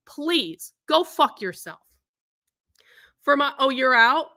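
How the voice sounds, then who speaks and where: A woman's voice: high-pitched, expressive, a little slow, pushed and bright, dry recording, clean studio sound. A woman hosting her own livestream, talking in a heated, profane and indignant way to her viewers. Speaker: livestream host.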